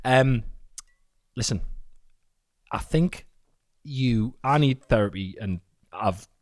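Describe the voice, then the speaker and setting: A man's voice: medium pitch, animated, slow, darkish tone. A man, co-hosting a podcast in casual chat, swearing freely and telling stories with mimicked voices. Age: 40s. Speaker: podcast co-host.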